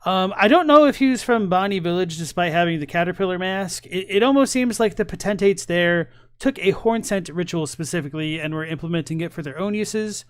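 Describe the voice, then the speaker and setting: A man's voice: high voice, brisk, few pauses, smooth, no echo. A young man casually commenting on a live stream, rambling a little and restarting his sentences. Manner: relaxed, rambling, many fillers and restarts. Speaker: streamer reacting to videos.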